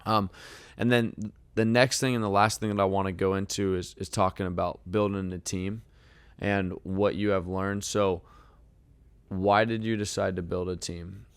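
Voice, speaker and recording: A man with a very low, smooth, clear voice coaches in a relaxed, encouraging way. He lays out his advice point by point, recorded close up in a dry room with no echo. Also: moderate pace. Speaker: sales trainer and host. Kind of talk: casual coaching talk.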